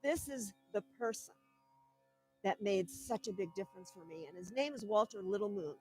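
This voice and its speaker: A woman's voice: medium pitch, expressive, normal speed, a little mellow, faint music behind, poor audio. A woman giving a spiritual talk, telling a personal story in an earnest, heartfelt way. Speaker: guest speaker.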